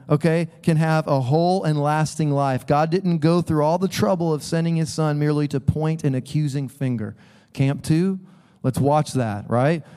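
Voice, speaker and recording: Animated pastor with a mellow voice. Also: male voice, fairly high pitch, clean tone. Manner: animated, conversational, acts out voices. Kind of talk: sermon. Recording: long hall reverb.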